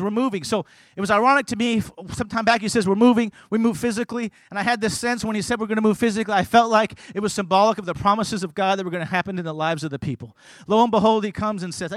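A man preaching a sermon as pastor, emphatic and building to loud, forceful passages. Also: sits high, no room sound.

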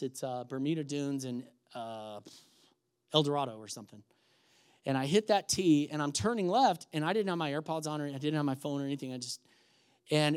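A man preaching a sermon, telling stories and acting out the voices of the people in them, rising to shouted emphasis. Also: a little high, clean tone. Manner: animated, acts out quoted voices, rises to shouted emphasis. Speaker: pastor. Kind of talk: sermon with storytelling.

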